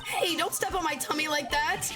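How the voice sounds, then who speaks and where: A woman's voice: high-pitched, normal speed, natural voice. A woman reading the lines of a bossy, impatient young woman in a game, snapping out orders. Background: game music.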